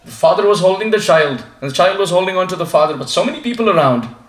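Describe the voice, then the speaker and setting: Male preacher, high animated voice, lively storyteller, roomy home recording. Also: quick pace. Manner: lively storytelling, acts out passers-by. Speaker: visiting preacher. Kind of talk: devotional class with a story. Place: living room of a home gathering.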